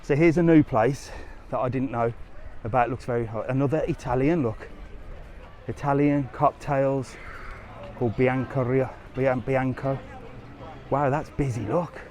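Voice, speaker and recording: Strolling a resort strip along the sea, a man live-vlogs to his viewers, answering their questions in a chatty, cheeky manner and handling comments on the go. His voice is mid-range and darkish, steady in tone and measured in pace. Light street noise surrounds the recording, made on a handheld camera as he walks.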